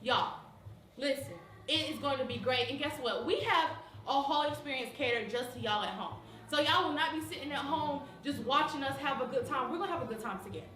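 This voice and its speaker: Woman, high voice, excited event host, echoey room. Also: fairly quick, slight background noise. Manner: excited, greets people, sing-song calls. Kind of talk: lively livestream hosting. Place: busy church event venue.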